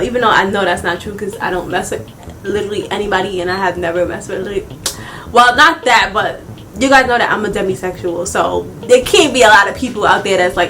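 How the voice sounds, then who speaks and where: A woman's voice: a little high, a little fast, slight background noise. Slangy New woman telling a story. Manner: animated, slangy, laughing often. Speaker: vlogger. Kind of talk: casual storytime.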